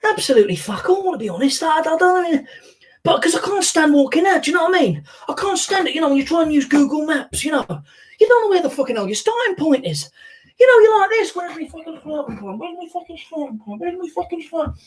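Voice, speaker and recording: A man's voice: very high-pitched, sing-song, fast talker, recorded from a distance, voice pushed up. A man impersonating a frantic, sweary English comedian. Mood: manic. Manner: frantic, sweary, breathless rants. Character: impression of a famous English male comedian, manic and sweary. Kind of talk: stand-up impression.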